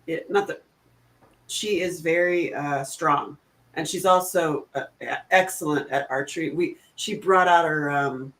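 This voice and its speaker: A middle-aged woman chatting casually, telling animated stories and laughing often. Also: low-pitched, unhurried. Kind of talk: casual chat.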